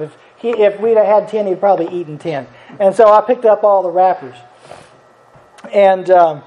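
A man's voice: sits high, a little mellow. A middle-aged man preaching a sermon in a folksy, conversational way, chuckling as he talks. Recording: dull lo-fi recording.

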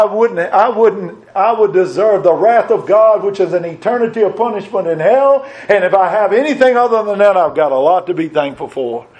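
A man preaching a sermon, folksy and plain-spoken, rising to emphatic peaks and then dropping low and quiet.

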